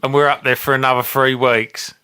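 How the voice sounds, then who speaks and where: A man's voice: medium pitch, level tone, brisk, sharp tone, clean tone. A middle-aged man, co-hosting a comedy podcast with dry, teasing banter. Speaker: podcast co-host. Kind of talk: casual chat.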